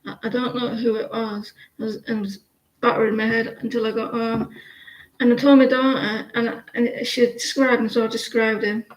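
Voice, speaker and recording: A woman's voice: fairly high pitch, level tone, moderate pace. Blunt, chatty woman reading cards. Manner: blunt, rambling, chatty with viewers. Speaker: tarot card reader. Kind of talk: casual live-stream card reading. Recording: roomy echo.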